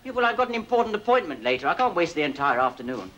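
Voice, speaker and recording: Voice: medium pitch, sing-song, racing, very noisy, close to an everyday voice. A performer playing a flustered man checking into a hotel under a false name in a 1970s TV sketch.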